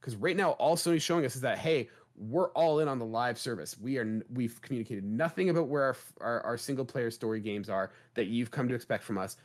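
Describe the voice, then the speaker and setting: A man's voice: medium pitch, fairly quick, hardly any pauses. A man co-hosting a gaming podcast, talking in an emphatic way and asking rhetorical questions. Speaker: podcast co-host. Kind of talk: casual chat.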